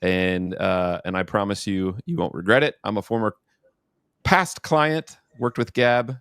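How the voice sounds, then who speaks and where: A young man with a lowish voice hosts a casual podcast, joking and easygoing. His voice sounds dry and close, with no room around it. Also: a little slow, fairly bright tone, clear, resonant tone, no room sound. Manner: laid-back, joking, rambling. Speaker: podcast host.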